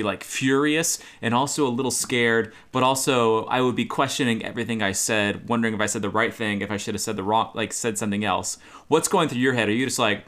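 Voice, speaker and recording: A man chatting on a podcast, playful and curious, who asks questions and reflects openly on how he handles conflict. His voice is pitched fairly low but still within the normal range for a man. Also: fairly bright tone. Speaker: podcast co-host. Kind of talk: casual chat.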